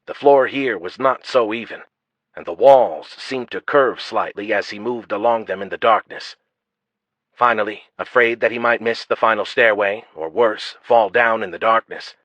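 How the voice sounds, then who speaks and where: A man narrating a fantasy audiobook in a steady, even storytelling manner. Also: on the low side, no room sound. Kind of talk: scripted narration. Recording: dull lo-fi dry audio.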